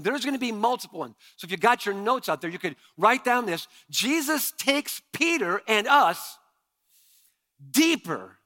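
A middle-aged man delivers a sermon from the pulpit, his voice high and ringing bright. He tells stories with animated energy, stumbles over quick restarts, and sinks into a hushed, low voice to drive a point home. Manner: animated storytelling with repeated stammered restarts; drops to a quiet low voice for emphasis. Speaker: pastor. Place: church sanctuary.

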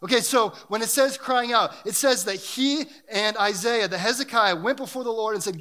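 A man's voice: high-pitched, normal speed, few pauses, bright, forceful tone. A man preaching a sermon and reading scripture, talking in an earnest, emphatic way that builds in intensity.

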